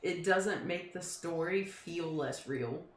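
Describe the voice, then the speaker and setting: A woman's voice: fairly low pitch, takes it slowly. A woman streamer telling a long rambling story in casual chat, full of fillers and asides. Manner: chatty, rambling, lots of fillers. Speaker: streamer host. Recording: echoey room with music. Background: faint music.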